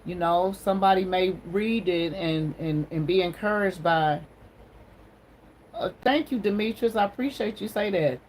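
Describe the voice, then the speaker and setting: A woman's voice: lowish voice, moderate pace, darkish tone, slight background noise, poor audio. A woman hosting a casual livestream on her phone, greeting viewers and talking in an encouraging, sermon-like way. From Ohio. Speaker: livestream host.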